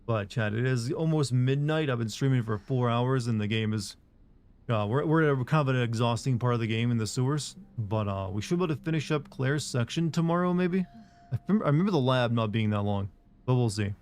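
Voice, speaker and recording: Relaxed man chatting on a game stream. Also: medium pitch, brisk, smooth. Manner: rambling, relaxed, frequent fillers. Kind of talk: casual live-stream chat.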